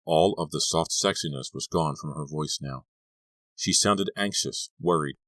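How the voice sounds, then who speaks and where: Deep-voiced male audiobook narrator. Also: a little slow, a bit bright, no echo, studio quality. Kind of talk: scripted narration.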